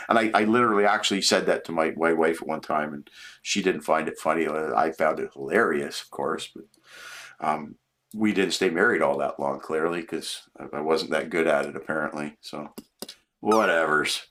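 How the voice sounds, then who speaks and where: A man's voice: a bass voice, normal speed, a bit bright. A man in his fifties chatting casually while he builds, rambling through joking stories. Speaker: streamer.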